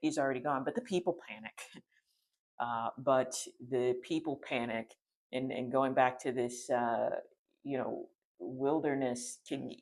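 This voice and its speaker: A man's voice: mid-range voice, fairly even intonation, unhurried. A man giving a casual, rambling spiritual talk, full of restarts and fillers, retelling a scripture story. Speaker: spiritual teacher.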